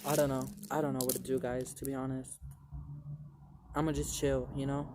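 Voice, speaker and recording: A man's voice: medium pitch, little pitch movement, moderate pace, noisy background. A young man telling a long personal story to his viewers in a rambling, profane way, full of "like" fillers. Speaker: vlogger. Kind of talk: casual storytelling to camera.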